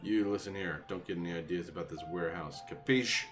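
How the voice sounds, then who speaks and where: A brash, swaggering dock guard with a thick Italian-American gangster accent, put on by a man reading game lines aloud. He talks loud in a deep, low voice, bragging and threatening. Video game music plays clearly behind him. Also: quick pace. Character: boastful tough-guy male dock warehouse guard.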